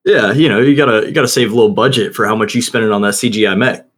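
A man co-hosting a casual chat, talking haltingly with many fillers and restarts, laughing often. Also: lowish voice. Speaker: podcast co-host.

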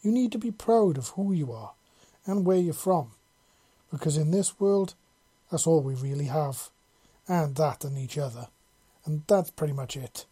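A reader voicing a fierce, foul-mouthed woman soldier who growls and barks commands like a drill sergeant, in a husky, mellow voice. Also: mid-range voice, expressive, moderate pace. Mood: warm teasing.

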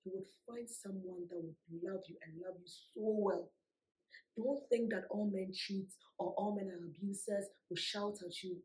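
A woman vlogger telling a personal story to her viewers in an emphatic, animated way, laughing often. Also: medium pitch, moderate pace, low-quality recording. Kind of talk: storytime vlog.

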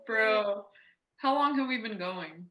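A woman's voice: on the low side, sharp tone. A young woman co-hosting a podcast, trading dry, joking remarks in casual chat. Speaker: podcast co-host. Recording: roomy echo.

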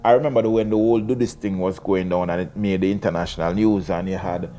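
Deep-voiced man musing aloud. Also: fairly even intonation, fast talker, dark tone, faint music behind. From Jamaica. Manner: rambling, many repeated words and restarts. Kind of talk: casual talk mixed with reading aloud.

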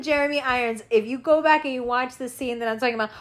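A woman talking casually in an animated, profane rant, laughing and doing mocking impressions. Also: high voice, fast, hardly any pauses. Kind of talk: casual rant about actors.

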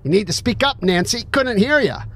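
Cruel jeering bully, higher and louder than the reader's own voice, a man putting it on. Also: big pitch swings, unhurried, soft background music. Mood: taunting. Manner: sneering, taunting. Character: cruel taunting male bully, violent and mocking.

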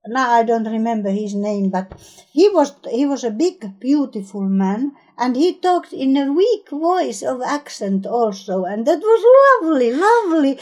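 Enthusiastic woman with a mellow voice. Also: high voice, sing-song, a little slow. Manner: enthusiastic, searching for words, non-native grammar. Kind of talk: casual chat about films.

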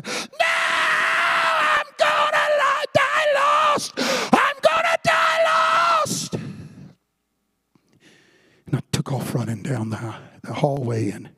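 A man preaching a fervent sermon in a church sanctuary, rising to shouts. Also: on the high side, slightly rough, no echo. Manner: fervent Southern-style preaching, building to shouts.

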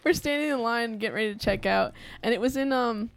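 A woman's voice: fairly high pitch, quick pace, vocal fry, clear, resonant tone, dry recording. A woman telling stories in casual podcast chat, laughing as she goes. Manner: giggly storyteller, laughs through her stories.

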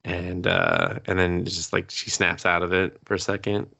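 This podcast co-host has a low, gravelly, husky voice at a normal speed, recorded dry. He recaps an anime episode casually, swearing freely and telling it with animated energy as he acts out the characters' lines.

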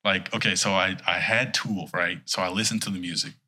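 Husky-voiced man telling a rambling story. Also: low voice, steady tone, brisk, pushed and bright. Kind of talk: casual chat.

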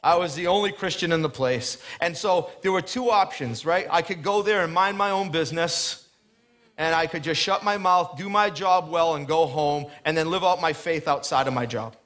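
A man with a somewhat high voice delivers a sermon from a church stage. He tells his own story in a chatty, storytelling way, then builds into emphatic preaching. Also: a bit bright. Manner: storytelling, chatty, quick asides with laughs. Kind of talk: sermon with personal testimony.

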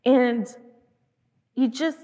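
A woman in her fifties giving a conversational sermon to mothers, telling stories with lively, relatable asides. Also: fairly high pitch, very slow, lo-fi sound. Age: 50s. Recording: long hall reverb.

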